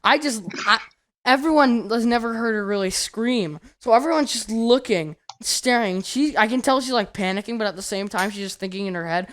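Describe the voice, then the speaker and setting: A man's voice: high voice, lively intonation, fairly quick, fairly bright tone. A teenage boy hosting a casual podcast with friends, laughing through his words and swearing casually. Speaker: podcast host.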